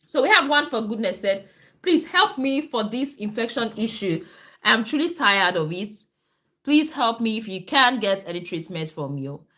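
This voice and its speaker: Brief: woman nurse host, casual livestream chat, repeats points, reads comments, mid-pitched voice. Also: a bit bright. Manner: chatty, repeats herself, reads out viewer comments. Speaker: nurse and midwife hosting a live health show.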